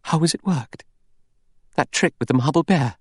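A man's voice: a little high, moderate pace, breathy edge, no room sound, clean studio sound, pitched above the performer's own voice. A man voicing a frightened, defiant young woman, tense and pleading. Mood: fearful.

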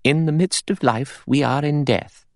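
A man voicing a prim, stern older woman who speaks in clear, crisp pronouncements. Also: a little high, measured pace, dry recording, clean studio sound, voice pushed up.

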